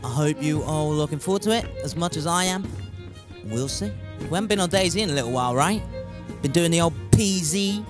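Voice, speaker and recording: A young man streaming a survival game live, rambling and joking, swearing casually and greeting viewers from chat. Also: mid-range voice.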